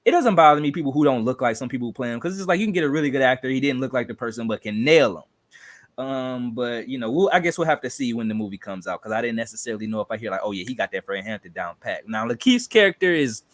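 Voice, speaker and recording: A man from Chicago with a Chicago accent, chatting casually as co-host of a trailer reaction video, talking with many fillers and animated bursts. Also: medium pitch, fast, no room sound.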